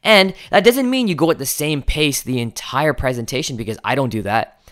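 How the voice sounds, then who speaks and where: Man, coaching podcast host, instructional monologue, stresses key words, pace speeds up and slows down. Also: medium pitch, animated, fairly bright tone. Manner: counts items aloud to himself.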